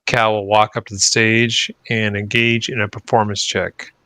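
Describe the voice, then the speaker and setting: A man at a tabletop game, low-pitched but bright and forceful in tone. He makes wry, quick remarks in a dry, close sound. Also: flat delivery, dry recording. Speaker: player. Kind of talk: casual tabletop play.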